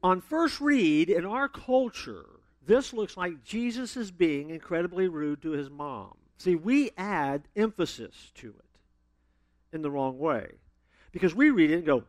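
A man's voice: high voice, lively intonation, measured pace, no room sound. A man preaching a sermon as a pastor, telling stories and acting out the people he quotes. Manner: storytelling, acts out quoted voices with big swings.

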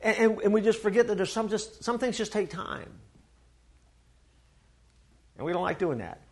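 A man with a fairly high voice delivers a casual, animated sermon, full of quick asides and little acted-out quotes. His talk drifts between loud bursts and soft, slower stretches. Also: gravelly. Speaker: pastor.

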